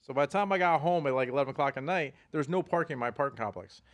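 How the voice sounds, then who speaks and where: A middle-aged man hosting a podcast, telling stories in casual chat with animated delivery and laughs. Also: a little high, very fast. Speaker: podcast host.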